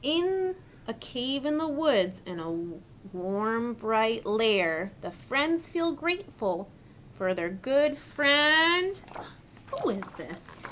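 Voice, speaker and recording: A woman teacher reads a picture book to young children and stops often to ask questions. Her voice is bright and a little high, and she sounds out each word with slow, careful articulation. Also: big pitch swings, slight background noise. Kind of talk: children's story reading lesson.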